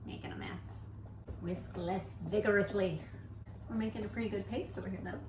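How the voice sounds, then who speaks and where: A woman's voice: mid-range voice, steady tone, fairly quick. Playful woman baking in an echoey kitchen. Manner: playful, self-mocking, jokey asides. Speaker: host of a home baking show. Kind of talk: casual cooking tutorial. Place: home kitchen with construction noise outside. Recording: echoey kitchen with construction noise.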